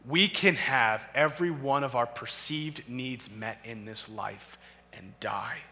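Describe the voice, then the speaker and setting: A man delivers a sermon with a bright, forceful edge to his voice. He moves from steady scripture reading to swelling, emphatic preaching. His voice carries a long reverb, as in a large hall. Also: lowish voice, gravelly. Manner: reads scripture then preaches, rising to impassioned emphasis.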